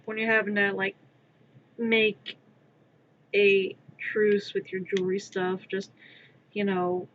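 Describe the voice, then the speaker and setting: A woman streams her crafting from her room, talking slowly and dropping to a murmur as she coaxes her work along. The recording is muffled and lo-fi, with a faint hiss of background noise. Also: mid-range voice, level tone. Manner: mutters and half-whispers pleas to her work. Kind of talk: live-stream self-talk while crafting.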